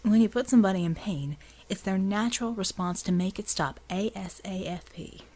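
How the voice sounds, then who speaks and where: A blunt, seasoned soldier, read by a woman, who talks in folksy slang with a wry, impatient drawl. The voice has a husky, breathy edge, held in a middle register. It is an audiobook character voice. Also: mid-range voice, moderate pace, a little mellow, natural voice.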